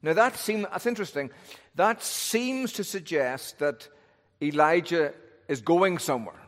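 A man's voice: fairly high pitch, unhurried, fairly bright tone. A male pastor preaching an expository sermon in a thoughtful, conversational way, often posing rhetorical questions. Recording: long reverb of a large hall.

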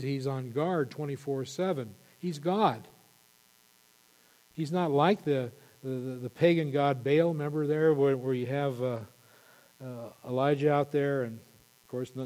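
A male pastor preaching an impassioned sermon, building to loud emphatic peaks. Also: mid-range voice, in a large hall.

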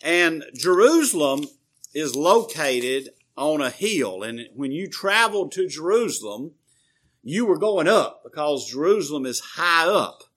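A man preaching a sermon, explaining scripture in a measured, teaching way with frequent pauses and fillers. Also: a little high, very animated, a bit bright.

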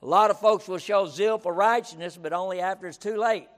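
Brisk and high-voiced, a male pastor preaches with emphasis in a reverberant auditorium, repeating himself and constantly breaking in with "listen."

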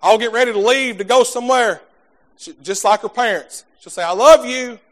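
To his congregation, a high-pitched man preaches a little fast, folksy and fervent in tone. He stumbles on repeated words while his voice grows from soft speech into shouting.

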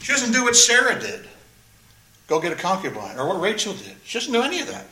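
Earnest preacher in an echoey room. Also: male voice, extremely high pitch, big pitch swings, gravelly, pushed and bright. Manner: earnest, emphatic, repeats phrases, pauses to stress words. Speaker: pastor. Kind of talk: expository sermon, reading and explaining scripture.

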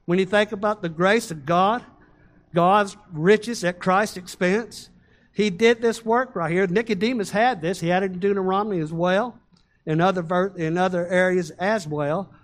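A man preaching a sermon to his congregation, reading scripture and leading call-and-response, slowing down and getting louder on key words. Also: sits high. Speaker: pastor.

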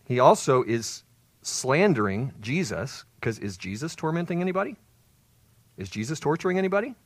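A man's voice: mid-range voice, sing-song, normal speed, no room sound. A man preaching a sermon as pastor, explaining and retelling a story with emphatic swells on key words.

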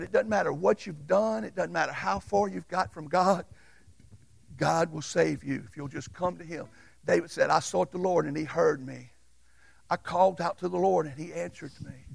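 A man preaching a folksy, storytelling sermon as pastor in a church, swinging between loud and hushed. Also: a little high, gravelly, breathy edge, dry recording. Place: church sanctuary.

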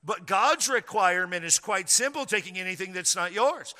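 A man preaching a sermon, his voice high and very bright. He plays out the objections of doubting listeners in quoted voices. The sound rings with a long hall reverb. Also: brisk. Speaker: pastor. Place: church.

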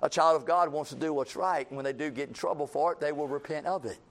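A man's voice: fairly high pitch, quick pace. A man preaching a sermon, folksy and repetitive, building to emphatic calls and acting out everyday scenes.

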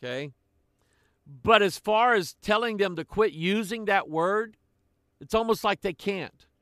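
Slow, deliberate older male preacher. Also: high voice, sharp tone, dry recording, clean studio sound. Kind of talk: sermon.

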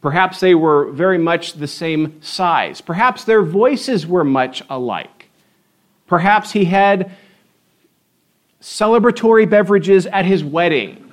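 A high-pitched male pastor gives a lively sermon, retelling the story with playful energy. His voice sits high, and he slips into acted-out quotes as he goes. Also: slow.

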